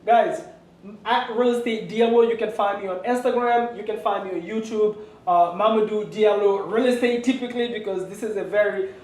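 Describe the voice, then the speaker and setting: A man's voice: high voice, a little fast, darkish tone, reverberant, rough recording. A man co-hosting a casual real estate video, talking energetically and calling the viewers guys. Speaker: real estate investor and channel co-host. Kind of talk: casual co-hosted video talk.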